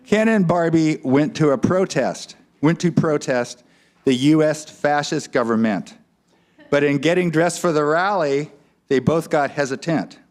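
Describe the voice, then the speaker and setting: A man running a comic quiz and puppet show as a guest speaker, with playful quick asides to the audience. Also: on the high side.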